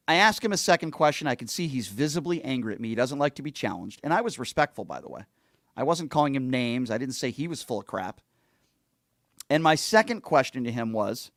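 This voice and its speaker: Middle-aged guy hosting, venting a story, blunt and ticked off, kinda high voice, dry close mic. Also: dry recording. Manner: indignant, blunt, acts out quoted lines. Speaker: host. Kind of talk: casual monologue recounting a story.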